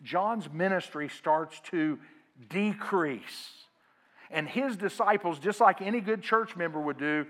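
A male pastor preaching a sermon to his congregation, calling on them to answer aloud and swinging from loud emphasis to quiet asides. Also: on the high side, a little slow.

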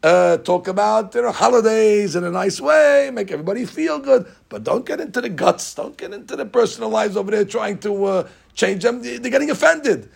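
Gravelly high-voiced rabbi preaching. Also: male voice, fairly quick, few pauses. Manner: animated storytelling, acting out congregants' complaints; mixes Hebrew terms into English. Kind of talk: sermon.

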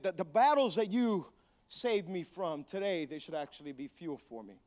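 A man pastor preaching a sermon, building to loud repeated refrains and acting out quick quoted voices. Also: high-pitched. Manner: preaching with rising volume, repeated call-and-response phrases.

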